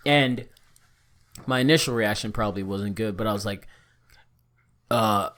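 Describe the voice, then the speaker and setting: A man's voice: fairly low pitch, normal speed, a bit bright. A young man co-hosting a podcast, telling a story in casual chat with slang and jokes. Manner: joking, laid-back slang. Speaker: podcast co-host.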